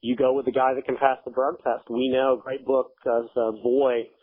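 A man's voice: mid-range voice, little pitch movement, normal speed, slightly rough. A man in blunt casual chat, profane and emphatic as he rants. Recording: tinny phone-like audio.

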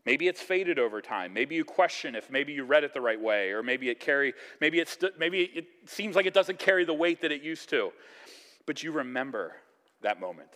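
A man preaching a sermon in a conversational, animated way, acting out quoted voices. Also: medium pitch, moderate pace, in a large hall. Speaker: pastor.

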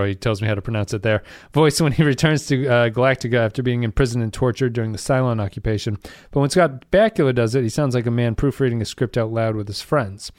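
A man in a casual podcast chat, mid-pitched and unhurried, mulling things over and reading listener mail aloud. The sound is close and dry, with no room around it. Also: darkish tone, no echo. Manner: thinks aloud, reads listener comments. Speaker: podcast co-host.

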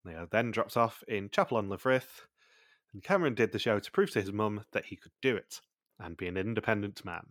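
A man co-hosts a podcast, running through plot recaps in long, blunt stretches and swearing freely. His voice sits on the low side. The recording is dry and close, with no room sound. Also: expressive, a little fast, a bit bright, dry recording. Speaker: podcast co-host. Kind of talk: casual chat recapping a TV show.

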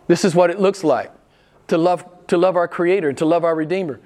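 A middle-aged man preaching a sermon, swinging between loud emphatic lines and hushed, whispered asides. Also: high voice, a little fast. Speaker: pastor.

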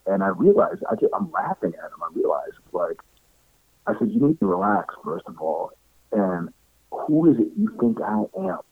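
A man's voice: mid-range voice, husky, no room sound. A middle-aged man telling stories in a casual interview, acting out what other people said and laughing often. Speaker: interview guest. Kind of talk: casual storytelling. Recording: tinny phone-like line, dry.

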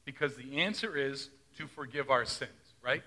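A man's voice: medium pitch, normal speed, sharp tone. A male pastor giving a conversational sermon, often asking his congregation questions and retelling scripture in his own words.

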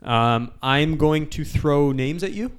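A man's voice: on the high side, animated, slow pace, smooth. A man hosting a casual sports podcast, talking loosely with frequent restarts. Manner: loose, rambling, restarts and laughs. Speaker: podcast host.

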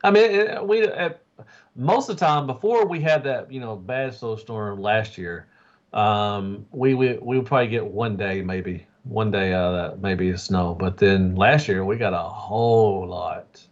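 A man's voice: on the low side, measured pace. A man from Arkansas with a Southern American accent, co-hosting a casual podcast chat and tagging his lines with "man" and "boy". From Arkansas, United States. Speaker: podcast co-host. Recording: dull lo-fi sound.

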